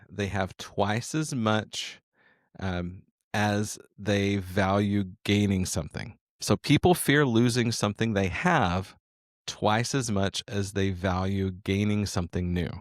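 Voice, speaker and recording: Energetic low-voiced male sales coach. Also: no echo, studio quality. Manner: animated, emphatic, with asides and restarts.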